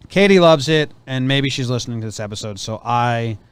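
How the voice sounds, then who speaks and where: A man's voice: medium pitch, animated, fairly quick, clear, resonant tone, dry recording. Rambling male co-host reading news. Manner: rambling, self-correcting storyteller. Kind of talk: casual chat reading news stories.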